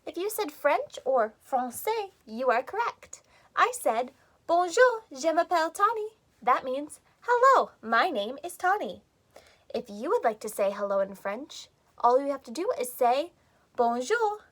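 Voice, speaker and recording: A woman's voice: high voice, sing-song, measured pace, fairly bright tone. A woman reading a picture book aloud to children in a teacherly way, coaxing them to repeat words and join in. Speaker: children's storytime reader.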